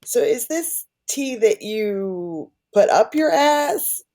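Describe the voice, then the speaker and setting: A woman in casual podcast chat, blunt and quick to laugh along with the others. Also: fairly high pitch, very animated, darkish tone. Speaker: podcast co-host.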